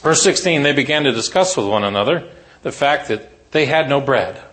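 A man preaching a sermon to teachers, telling a story with rhetorical questions and lively asides. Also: mid-range voice, moderate pace.

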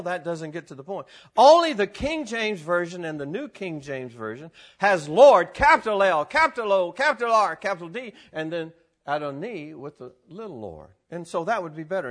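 Man, Bible teacher, high voice, very lively pitch, excitable, laughs often. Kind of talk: animated teaching to a live group.

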